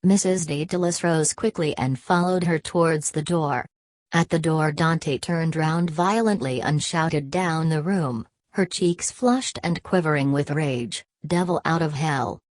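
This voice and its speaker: A woman reading a classic novel aloud as an audiobook narrator, in a steady, even manner. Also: sits low, measured pace, no room sound. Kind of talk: scripted narration.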